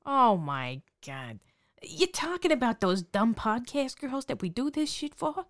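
Brash, profane saleswoman, played by a woman, snarky and dismissive, very animated intonation, improvised sketch. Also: a little high, a little slow, dry recording, clean studio sound. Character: brash foul-mouthed woman hawking hair baskets.

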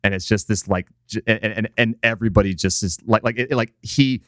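A man with a very low, smooth, resonant voice, recorded close and dry. He chats casually and profanely, piling up fillers as he retells a scene. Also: fairly even intonation, brisk, a bit bright, no echo. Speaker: podcast co-host. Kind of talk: casual chat.

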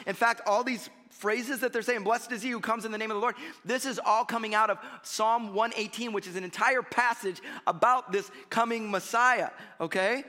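Bright, high-voiced pastor, lively and chatty from the pulpit, long hall reverb. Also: male voice, a little fast, hardly any pauses. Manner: animated, conversational preaching with frequent "right?" and "you know" asides. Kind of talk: sermon.

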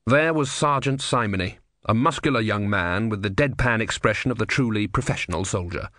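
A man reading an audiobook in measured, dry storytelling narration. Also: on the low side, fairly bright tone, dry recording. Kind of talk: scripted narration.

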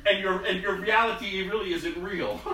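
A man's voice: high-pitched, normal speed, bright, forceful tone, echoey room, recorded from a distance, a little hiss or hum, rough recording. A man preaching a sermon in a conversational, storytelling way. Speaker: pastor.

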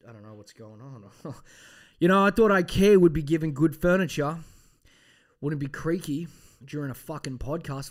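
A man hosts a loose solo podcast with a slightly high voice. He rambles, swears freely and throws in mock threats. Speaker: podcast host.

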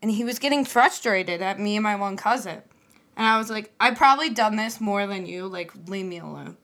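A woman in her twenties co-hosting a podcast, chatting in a relaxed way with lots of filler words. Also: medium pitch, a little fast. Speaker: podcast co-host. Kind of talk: casual chat.

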